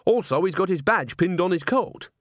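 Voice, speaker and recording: A man's voice: sits high, animated, moderate pace, no room sound, studio quality, voice pushed up. Nanny Ogg, a man doing a sly old witch. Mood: chatty. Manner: chatty, sly and teasing. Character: nosy cheerful old witch woman.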